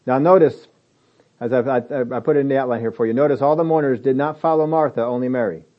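A man preaching a sermon, animated and acting out the reactions he quotes. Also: mid-range voice, fast talker, muffled recording. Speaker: pastor.

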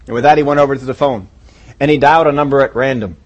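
A man's voice: medium pitch, very fast. A man preaching a sermon as pastor, telling stories in a conversational way. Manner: storytelling, conversational.

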